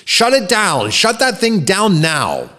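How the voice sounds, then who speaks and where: A man voicing a hot-tempered, pompous male professor who shouts in indignant outbursts. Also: fairly low pitch, sing-song, moderate pace, big-room sound. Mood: furious.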